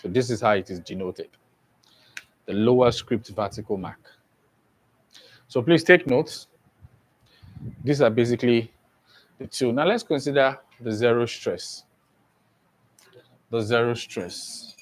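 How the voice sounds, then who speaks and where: Guy teaching english exam prep, talks real slow, says everything twice, keeps asking do you understand. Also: medium pitch. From Nigeria. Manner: slow, repetitive, checks understanding often.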